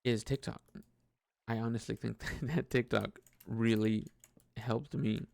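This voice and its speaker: A young man talks through a rambling personal monologue with a deep gravelly fry in his voice. He restarts his sentences often and laughs as he goes. The recording is dry and close with no room sound. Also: fairly even intonation, measured pace, a little mellow, no echo. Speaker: podcast host.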